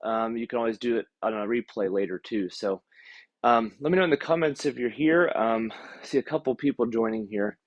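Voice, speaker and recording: Out of breath, a male exercise instructor runs a live-streamed seated stretching class, calling out each step and counting reps with encouragement. His voice is medium in pitch and brisk, and the highs are cut off.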